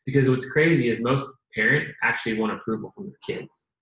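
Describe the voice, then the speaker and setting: Co-hosting a casual advice chat in an echoey room, this man speaks earnestly and acts out snippets of dialogue. His mid-range voice is quick, steady in tone, and pushed and bright.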